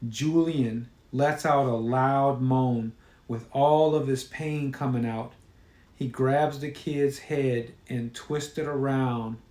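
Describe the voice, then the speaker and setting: A man reading a gory horror story aloud in a measured, grim, plain way. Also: medium pitch, darkish tone. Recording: roomy echo.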